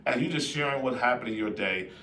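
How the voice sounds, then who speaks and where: A man hosting a live-stream talk, speaking in a lively, conversational way and putting questions to his viewers. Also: medium pitch, fast, a little hiss or hum. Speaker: host. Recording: roomy echo, distant mic.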